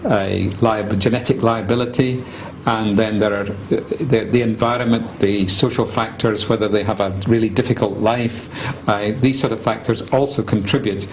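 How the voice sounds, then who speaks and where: Man, professor in an interview, low voice, measured explanations with pauses, faint background noise. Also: fairly even intonation, a little mellow, poor audio. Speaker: psychiatry professor. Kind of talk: expert interview.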